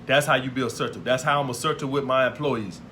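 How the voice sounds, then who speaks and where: A man's voice: medium pitch, quick pace, sharp tone, a little hiss or hum. A man, giving blunt dating advice in a profane monologue and repeating his points emphatically. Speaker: dating advice video host.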